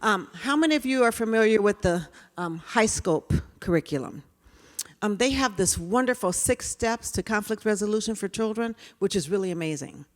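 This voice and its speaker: A woman's voice: mid-range voice, lively intonation, moderate pace, big-room sound. A woman giving a conference talk to teachers at an education event, with frequent "um" fillers and acted-out teacher and child dialogue. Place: lecture venue.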